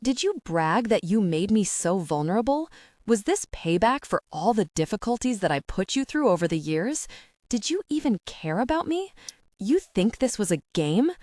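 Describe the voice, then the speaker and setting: A woman's voice: mid-range voice, very animated, normal speed, darkish tone, no room sound, studio quality, close to an everyday voice. A woman voicing a hurt young woman who accuses her boyfriend, tearful and upset.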